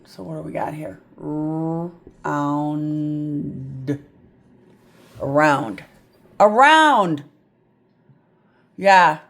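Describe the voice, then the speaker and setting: A middle-aged woman reading tutor talks through a phonics lesson, unhurried and a little low-pitched. She wanders into asides and thinks aloud as she writes out each example. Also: fairly even intonation, creaky. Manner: chatty, self-interrupting, thinks aloud.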